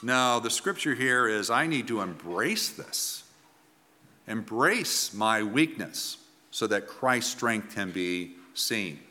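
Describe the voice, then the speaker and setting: A man preaching a sermon in an earnest, emphatic way, with pauses and restarts as he presses his points. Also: on the low side, lively intonation, pushed and bright, long reverb tail. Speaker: pastor.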